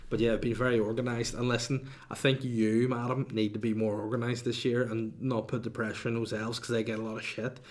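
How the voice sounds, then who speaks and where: Cheeky, chatty man. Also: medium pitch. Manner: chatty and cheeky, reading out listener questions. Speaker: podcast host. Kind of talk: casual solo podcast chat.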